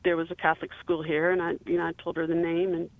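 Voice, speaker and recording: A woman caller in her fifties tells her story haltingly, stopping and restarting often. Her voice comes through a thin, tinny phone line with no room sound. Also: fairly low pitch, little pitch movement, dry recording. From South Carolina. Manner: halting, many fillers and restarts. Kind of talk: phone-in call, telling a personal story.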